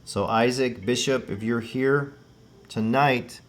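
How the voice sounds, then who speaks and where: A man hosting a paranormal spirit-box session, earnestly and gently calling out names and passing on messages. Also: mid-range voice, slow pace.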